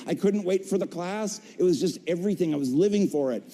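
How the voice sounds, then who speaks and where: A middle-aged man with a fairly high, mellow, dark voice spins a self-mocking story about his acting career. He talks to a live audience from a stage, and his words carry long reverb through a large convention hall. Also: fast talker, few pauses. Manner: playful, self-mocking, acts out quotes in funny voices. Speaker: voice actor telling a career story on a panel.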